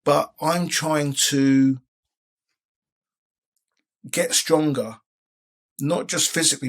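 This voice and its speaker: A man around sixty, a guest in a casual interview, talking in a rambling way with many restarts. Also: mid-range voice. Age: 60s. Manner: rambling, frequent restarts and filler phrases.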